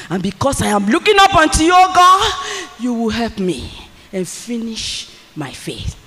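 A preacher delivering a fervent sermon, repeating lines for emphasis and often bursting into shouts. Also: medium pitch, big-room sound.

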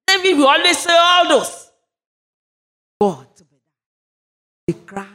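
A woman's voice: high voice, lively intonation, a little slow, long pauses. A woman preaching a sermon, reading scripture and leading fervent prayer. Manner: fervent, rising into loud declarations during prayer.

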